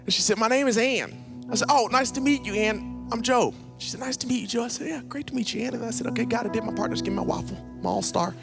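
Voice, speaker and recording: A man's voice: extremely high pitch, fast, vocal fry, music in the background. A young man preaching in a church, telling personal stories and acting out the dialogue in them. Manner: animated, acts out dialogue in his stories. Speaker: guest speaker. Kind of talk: storytelling sermon. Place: church stage.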